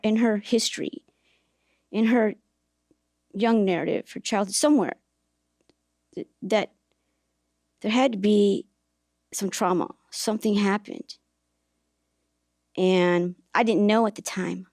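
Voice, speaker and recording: A woman's voice: medium pitch, normal speed, pauses often, darkish tone, no room sound, clean studio sound. A woman hosting a podcast, telling a personal story in a reflective, earnest way, with hesitations and restarts. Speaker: podcast host and author.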